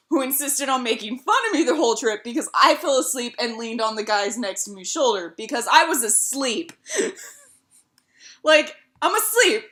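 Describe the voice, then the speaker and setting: A young woman streamer telling stories in casual chat, animated and laughing, swearing freely. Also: high-pitched.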